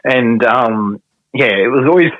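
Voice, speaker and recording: A man's voice: medium pitch, a little slow, no room sound, lo-fi sound. An Australian man, a pro wrestler on a podcast, telling a story casually, laughing often and swearing mildly.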